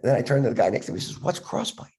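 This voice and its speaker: An older man, a dentist with a cough from a respiratory illness, telling stories in a podcast chat, acting out the voices in his anecdotes with halting restarts. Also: medium pitch, warm tone. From Philadelphia area, USA. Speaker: dentist guest.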